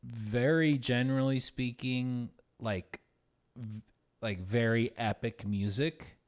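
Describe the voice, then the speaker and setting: A man's voice: mid-range voice, fairly even intonation, slow pace. A man co-hosting a podcast in casual chat, thoughtful and hesitant, often repeating words. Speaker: podcast co-host.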